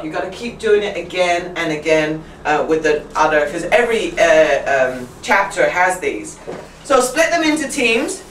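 A teacher trainer leads a workshop for fellow teachers, walking them through a classroom routine, laughing easily and imitating her pupils. Her mid-range, slightly bright voice sounds distant in a roomy space with a faint hum of room noise.

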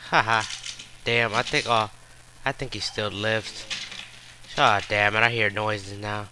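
A man's voice: fairly low pitch, steady tone, unhurried, noisy background. A man giving live gameplay commentary, frustrated and trash-talking with profane outbursts.

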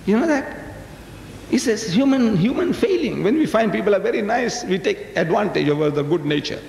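Booming older South African man lecturing. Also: normal speed, vocal fry. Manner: animated, teasing, asks the audience questions; booming, carrying voice. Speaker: public speaker. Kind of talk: lecture to a live audience. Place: large hall. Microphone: PA microphone. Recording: echoey hall, faint background noise.

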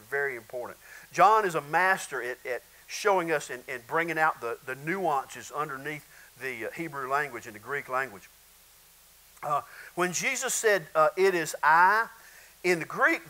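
A man's voice: high voice, bright, forceful tone, poor audio. A male pastor preaching a sermon in an emphatic, repetitive way, often calling out to the congregation.

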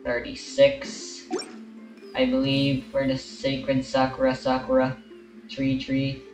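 A man casually talking through a gameplay recording and chatting with a friend, relaxed and mumbling to himself. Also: mid-range voice, takes it slowly, over music. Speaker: gamer recording a playthrough. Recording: roomy, distant from the mic.

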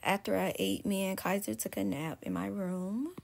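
A woman's voice: medium pitch, normal speed, creaky. A young adult woman talking casually to her viewers as a lifestyle vlogger, chatty and addressing them directly. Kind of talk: casual vlog narration to viewers. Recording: noisy outdoor and car background.

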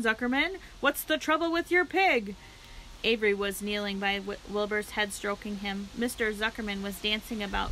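A woman library storyteller reading a children's book aloud with steady, clear narration. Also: mid-range voice, slight background noise, rough recording.

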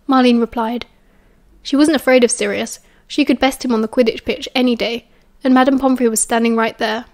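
A British woman narrating a story as an audiobook in a steady, even storytelling manner. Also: a little high, brisk. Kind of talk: fan audiobook reading.

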